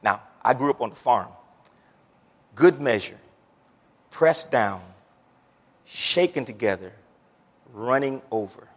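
A man preaching a sermon, moving from quiet scripture reading to loud, excited preaching, with folksy stories and repeated words. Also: mid-range voice, long reverb tail. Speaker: pastor.

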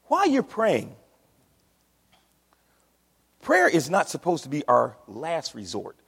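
Animated husky-voiced preacher. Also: male voice, a little high, takes it slowly. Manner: animated, call-and-response preaching. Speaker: pastor. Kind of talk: sermon. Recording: long hall reverb.

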